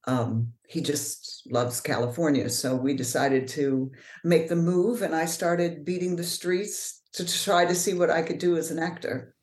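A middle-aged woman from New Orleans with a Mid-Atlantic accent and proper, measured diction, answering interview questions with pauses and fillers. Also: low voice, a little mellow, echoey room. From New Orleans, USA. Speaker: actor and author, podcast guest.

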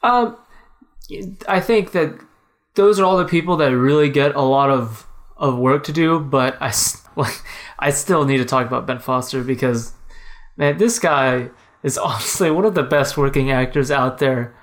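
A man's voice: medium pitch, measured pace. Rambling man reviewing a film. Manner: enthusiastic, rambling with restarts and fillers. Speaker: film podcast co-host. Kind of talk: casual film review chat.

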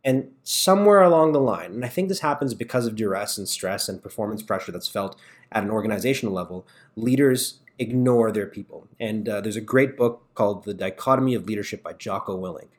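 A man from Canada, a guest on a podcast, talking fast and emphatically about leadership and asking rhetorical questions. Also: fairly low pitch, expressive. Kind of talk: casual podcast conversation.

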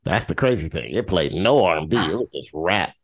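A man's voice: deep voice, sing-song, brisk. A man in a casual podcast chat, laughing often and cussing emphatically.

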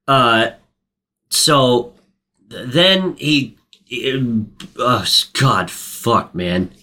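Man, bright voice, casual chat, rambling, swears a lot, acts out scenes. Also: mid-range voice. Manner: profane, rambling, quick to act out lines. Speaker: podcast co-host recapping a movie.

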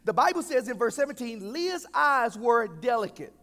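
A man's voice: extremely high pitch, very animated, moderate pace, bright, forceful tone. A male pastor delivering a humorous sermon, calling out for the congregation to answer back. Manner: humorous, call-and-response preaching. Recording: echoey hall.

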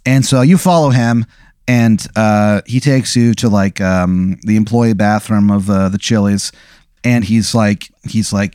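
A man's voice: lowish voice, measured pace, darkish tone, smooth, no room sound, clean studio sound. A man hosting a podcast, improvising a comic story in a rambling way, full of fillers. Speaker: podcast host.

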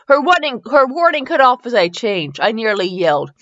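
A woman's voice: medium pitch, normal speed, hardly any pauses, dry recording. A woman hosting a comedic reading of fanfiction, switching between dramatic narration and incredulous commentary. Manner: animated, breaks into laughter and mock outrage. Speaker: host reading fanfiction aloud. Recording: dull lo-fi dry recording.

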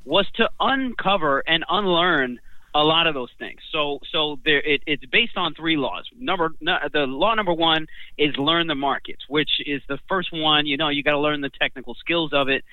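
A laid-back man chats as a podcast guest, dropping curses and calling his host bro. His voice sits a little high. The sound is thin and tinny like a phone call, with no room echo. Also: normal speed. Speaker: podcast guest, trading coach. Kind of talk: casual podcast chat. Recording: tinny phone-line audio.

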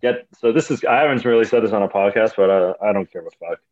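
A man's voice: fairly low pitch, quick pace, muffled recording. A young man, a comedian telling rambling, profane stories in a casual podcast chat. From Canada. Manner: rambling, profane, animated storytelling. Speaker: comedian guest.

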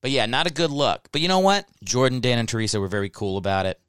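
Rambling, joking man with a smooth voice. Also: medium pitch, quick pace, a bit bright, no echo, clean studio sound. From Ohio. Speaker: podcast host and stand-up comedian. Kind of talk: casual solo podcast monologue. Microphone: close microphone.

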